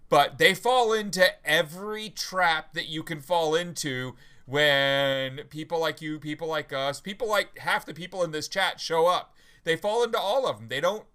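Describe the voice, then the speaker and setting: A man hosts a casual live talk stream with a bright, forceful voice pitched a little high. He rambles along, full of fillers and restarts. He sounds sleepy and keeps yawning. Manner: relaxed, rambling with many fillers. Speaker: host. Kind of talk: casual livestream chat.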